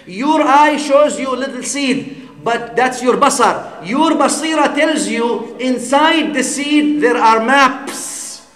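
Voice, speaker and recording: A man's voice: very high voice, slow, fairly bright tone. A man giving a sermon as an Islamic scholar, teaching with everyday examples, mixing Arabic phrases into his English and often asking his listeners "huh?". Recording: echoey hall with long reverb.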